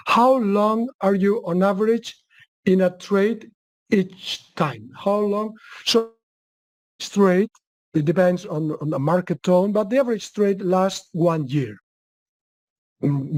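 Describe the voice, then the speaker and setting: A man with a Spanish accent presenting a webinar, answering questions in a halting way with repeated words. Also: high-pitched, a little mellow, no echo. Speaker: webcast presenter.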